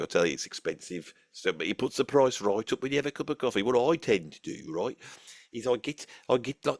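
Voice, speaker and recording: In clean studio sound with no echo, a man with a medium-pitched voice, lightly acted, plays an older, rambling, foul-mouthed rock fan from Birmingham with a Birmingham accent. As a channel host in character delivering a comic monologue, he repeats himself and makes chummy asides to his listeners.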